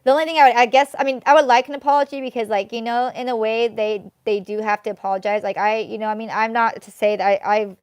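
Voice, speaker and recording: A woman's voice: on the high side, fairly even intonation, fast, few pauses, clear, resonant tone, dry recording. Rambling woman reading tarot live. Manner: rambling, venting, heavy use of fillers such as "like" and "you know what I mean". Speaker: tarot reader.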